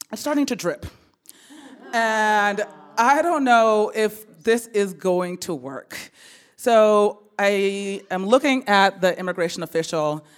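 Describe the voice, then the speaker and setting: Animated woman telling a story. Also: medium pitch. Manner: animated, laughing, repeats words. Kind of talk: live first-person storytelling.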